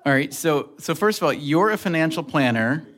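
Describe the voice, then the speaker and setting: A man's voice: fairly high pitch, animated, normal speed, a bit bright. A man hosting a live quiz show, welcoming contestants and teasing them with playful banter. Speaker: game show host. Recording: live audience in the room.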